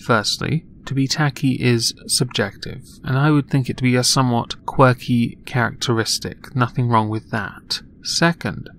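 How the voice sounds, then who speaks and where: A man's voice: medium pitch, fairly even intonation, normal speed, hardly any pauses, a bit bright, a little hiss or hum. A man hosting a sarcastic reaction commentary, speaking in a dry, mock-polite way. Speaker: commentary channel host.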